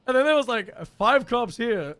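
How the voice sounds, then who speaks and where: A man's voice: extremely high pitch, lively intonation, a little slow, fairly bright tone, no room sound. A young man streamer casually recounting a roleplay event, rambling and swearing with frequent laughter.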